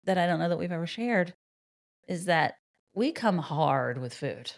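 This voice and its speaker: A woman with a somewhat low voice co-hosts a podcast in easygoing conversation. She talks reflectively and warmly about shared moments, often leaving sentences hanging as she thinks. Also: expressive, a little slow, vocal fry. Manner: chatty, reflective, trails off mid-sentence. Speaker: podcast co-host. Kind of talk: casual chat.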